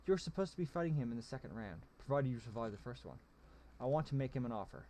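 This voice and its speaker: A man's voice: medium pitch, animated, fast talker, warm tone, close to an everyday voice. A man voicing a shrewd, calculating male goblin general who explains things at length. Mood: scheming.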